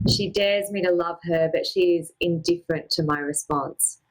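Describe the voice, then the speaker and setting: A woman performing a personal spoken-word story, with a measured, poetic and deliberate delivery. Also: lowish voice, poor audio.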